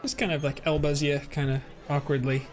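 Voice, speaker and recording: Rambling male game master, highish voice. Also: little pitch movement, a little fast. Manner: rambling, filler-heavy narration. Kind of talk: narrating a tabletop game.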